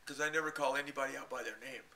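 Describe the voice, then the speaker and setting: A man telling a long rambling story to his camera, halting and repeating himself and chuckling often. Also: medium pitch, steady tone, vocal fry, bright, forceful tone. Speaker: video blogger.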